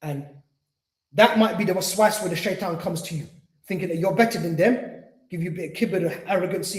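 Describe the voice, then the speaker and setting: A man's voice: high voice, brisk, a little mellow. A man teaching at an Islamic centre, speaking conversationally, acting out little dialogues and often adding "you see". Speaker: Islamic teacher and spiritual healer. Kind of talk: mosque lecture. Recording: echoey lecture hall.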